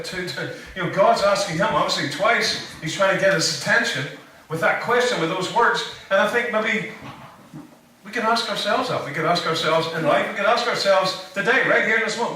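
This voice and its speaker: A man's voice: high-pitched, fairly quick, sharp tone, slight background noise. A man giving a casual sermon, rambling with joking asides and many fillers. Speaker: preacher. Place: church hall. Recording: echoey room, voice from a distance.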